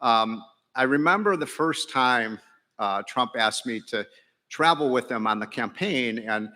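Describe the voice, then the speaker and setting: Keynote: middle-aged male economist, bright forceful voice, folksy joking delivery, big reverberant hall. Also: mid-range voice, lively intonation, a little slow. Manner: folksy, joking, many fillers and restarts. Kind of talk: after-breakfast speech with jokes. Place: large banquet hall.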